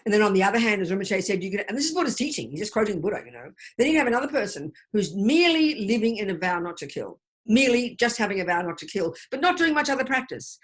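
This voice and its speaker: An older woman gives a Buddhist teaching over a video call. Her voice is husky and sits at a middling pitch. She talks in a forthright, emphatic way and repeats her key phrases.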